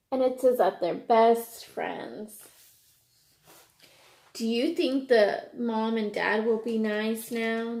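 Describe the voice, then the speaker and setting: A woman reading a picture book aloud to children, expressive and stopping to ask her listeners questions. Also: a little high, roomy sound. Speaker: reader to children.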